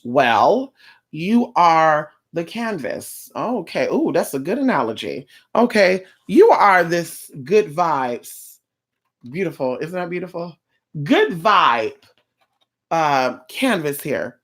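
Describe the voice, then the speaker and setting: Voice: medium pitch, sing-song, takes it slowly. A spiritual worker talking straight to camera in a casual vlog, blunt and profane, now and then acting out the clients in little voices.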